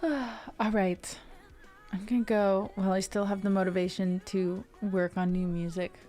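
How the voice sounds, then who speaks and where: A woman's voice: mid-range voice, dark tone. A woman music streamer chatting casually and affectionately with her viewers, laughing often.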